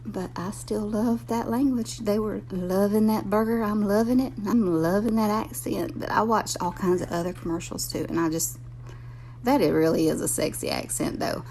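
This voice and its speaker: A woman's voice: medium pitch, steady tone, moderate pace, vocal fry, a little mellow, slight background noise, low-quality recording. A tired woman chatting casually to camera from a hospital room, in a folksy, rambling way. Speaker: vlogger.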